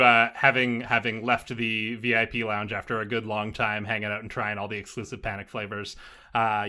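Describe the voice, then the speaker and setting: Male game master, rambling, bright voice. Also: on the low side. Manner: loose, rambling narration with fillers. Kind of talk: narrating a tabletop game.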